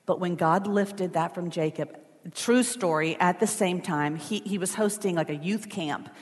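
A woman's voice: lowish voice, a little slow. A woman telling a personal story in a sermon in a chatty, emotional way, with asides to the congregation. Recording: long church hall reverb.

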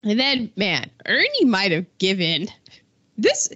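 A woman co-hosting a casual film-discussion chat, talking in an animated way and acting out lines from scenes. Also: mid-range voice, slow pace. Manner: animated, acts out quotes from scenes. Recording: dull lo-fi recording.

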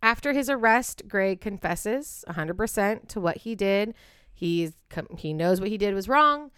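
Female podcast co-host, blunt and profane true crime storyteller, crisp tone. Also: mid-range voice, expressive, a little slow, fairly bright tone, no room sound, clean studio sound. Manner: blunt, profane, builds to heated outbursts.

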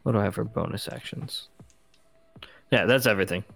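A man player in a tabletop game, easygoing as he works through his turn and thinks aloud. His voice sits a little low, with faint music in the background. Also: brisk, gravelly, a bit bright. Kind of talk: casual tabletop play.

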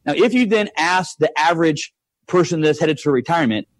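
A man's voice: fairly high pitch, expressive, fairly quick. A man talking money on a podcast, emphatic, full of rhetorical questions. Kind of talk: casual podcast chat.

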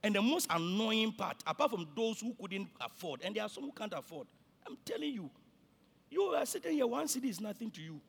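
A male pastor with a Ghanaian accent, preaching a sermon that swings between shouting and quiet, and he repeats himself often. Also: high-pitched, lively intonation, a little fast, creaky, breathy edge.

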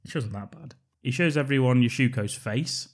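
A man's voice: mid-range voice, normal speed. A man co-hosting a casual film-review podcast, swearing freely and breaking into laughter often. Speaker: podcast co-host.

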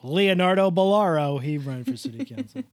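A woman's voice: lowish voice, normal speed, no echo. Chatty New woman co-host, acts out quotes, dry close mic. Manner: animated storyteller, acts out quotes, self-deprecating. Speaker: podcast co-host. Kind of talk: casual chat.

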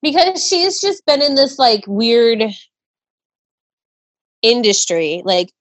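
A woman's voice: on the high side, big pitch swings, takes it slowly, dry recording. A young adult woman co-hosting a casual chat, chatty, crude and often laughing.

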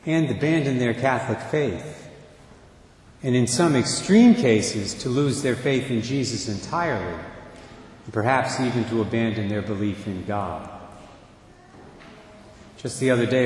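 Older male priest preaching a homily, measured and wry, booming reverb of a big church, faint room noise behind. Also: a little mellow. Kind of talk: sermon. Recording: echoey church with long reverb.

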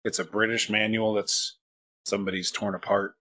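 Podcast host, American man, low voice, rambling self-deprecating anecdotes. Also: level tone, moderate pace, pushed and bright. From United States. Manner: rambling, self-mocking anecdotes with many restarts. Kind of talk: casual storytelling chat.

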